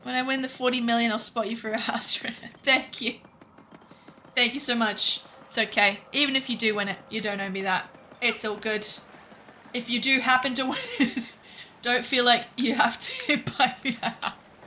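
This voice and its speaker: A woman game streamer chatting casually with her viewers in a relaxed, easily laughing way. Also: a little high, moderate pace, a little hiss or hum. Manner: relaxed, laughing, talks back to chat.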